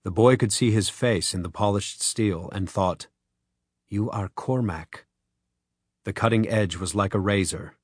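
A man narrating an audiobook in a measured, even storytelling manner. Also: lowish voice, breathy edge, no echo, studio quality. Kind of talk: scripted narration.

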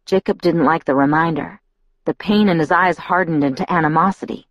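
A woman narrating a novel in the first person, steady and measured. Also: low voice, no room sound, highs cut off. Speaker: audiobook narrator.

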